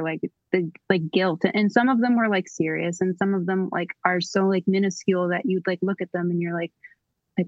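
A young adult woman, a singer-songwriter guest, speaking in relaxed casual chat full of fillers. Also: medium pitch, brisk, no echo, lo-fi sound. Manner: relaxed, filler-heavy, reassuring.

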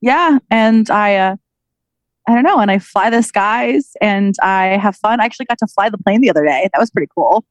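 A young woman talking as a guest on a casual podcast. She jokes, teases and swears freely, with a playful, easy delivery. Her voice sits at a middle pitch and sounds close and dry. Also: lively intonation, normal speed, no room sound.

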